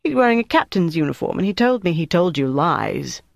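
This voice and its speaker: A man reading an audiobook, voicing a composed officer who speaks in a cool, firm, measured way. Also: a little high, very animated, creaky, dry recording, clean studio sound. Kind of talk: audiobook character voice.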